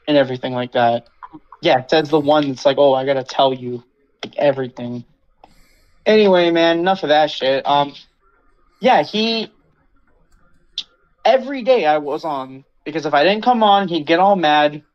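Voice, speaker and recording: A man's voice: a little high, moderate pace, clean tone, muffled recording. A young man podcast host telling a rambling story about a controlling friend. He swears a lot and mimics the people he quotes. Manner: rambling, swearing, quoting others in a mocking voice. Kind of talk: casual venting story.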